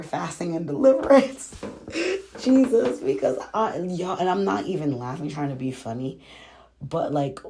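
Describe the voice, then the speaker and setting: A woman's voice: low voice, warm tone. A woman hosting a reaction video, chatting casually to viewers and acting out what the people on the show said. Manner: chatty, addresses viewers as y'all, acts out quotes. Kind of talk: casual reality-show recap and commentary.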